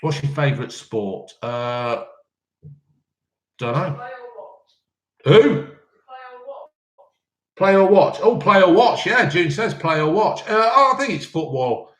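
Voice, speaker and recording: A man's voice: on the high side, sing-song, takes it slowly, pauses often, a bit bright, reverberant. A man in his fifties hosting a casual live chat. He reads out viewers' questions and answers them with blunt, sweary, cheeky banter. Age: 50s. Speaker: live-stream host reading chat questions.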